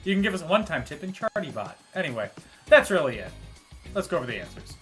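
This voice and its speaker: A man's voice: fairly high pitch, sing-song, quick pace, a bit bright, faint music behind. Wry joking male trivia host. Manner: joking, wry asides between quiz answers. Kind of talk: casual live-stream hosting.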